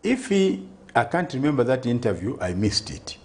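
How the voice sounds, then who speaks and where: Speaking at a moderate pace in a medium-pitched, sing-song voice, a party president makes his case in a TV studio interview. He's emphatic and methodical, point after point, often adding "Okay?" and stumbling over the occasional word.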